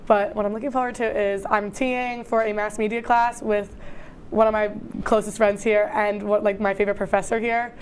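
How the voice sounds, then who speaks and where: A woman's voice: medium pitch, level tone, a little fast, slight background noise. A young woman in college co-hosting a student TV talk show, chatting casually and rambling with plenty of fillers. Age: young adult. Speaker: student co-host. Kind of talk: casual chat. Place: campus TV studio.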